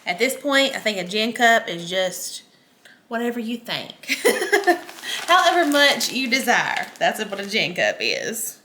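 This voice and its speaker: A woman's voice: fairly high pitch, big pitch swings, unhurried, sharp tone, slight background noise. A woman with a Southern US accent, hosting a casual cooking tutorial from her home kitchen in a chatty, folksy way. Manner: chatty, folksy, addresses viewers as y'all. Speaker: home cook host.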